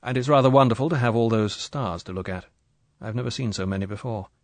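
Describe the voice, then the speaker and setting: A man's voice: mid-range voice, fast, no echo, natural voice. Cool, terse secret agent, firm and close-miked, read by a man.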